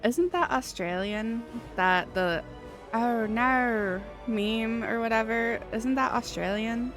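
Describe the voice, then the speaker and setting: A woman streamer chats with her viewers in an easy, unhurried way, breaking into giggles and poking fun at herself. Faint music plays quietly behind her. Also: on the high side. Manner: chatty, giggly, self-deprecating. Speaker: game streamer. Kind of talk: casual live-stream chat.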